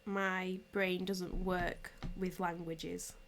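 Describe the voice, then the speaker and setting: A woman's voice: lowish voice, little pitch movement, drawn-out words, slight background noise. A woman from England with a strong regional English accent, chatting casually through a knitting tutorial and laughing easily. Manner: chatty, laughs easily, answers chat as she knits.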